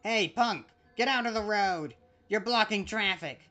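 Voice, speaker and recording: A woman puts on a brash fish-woman police chief from a video game who barks orders and calls everyone punk. She is gruff, bossy and loud, at a middle pitch over faint music. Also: unhurried, natural voice. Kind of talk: streamer voicing game text.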